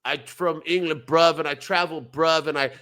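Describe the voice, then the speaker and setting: A man doing a mocking impression of a tired British male wrestler who talks slowly and whines, tacking "bruv" onto every phrase. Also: on the high side, sharp tone. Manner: slow, repetitive, whiny, adds "bruv" to every phrase.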